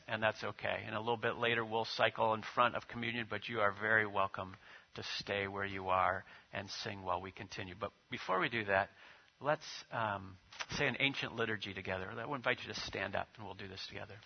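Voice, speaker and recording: Husky-voiced male pastor preaching. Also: on the low side, a little fast, lo-fi sound. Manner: storytelling with acted quotes, leading prayer and liturgy. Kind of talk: sermon.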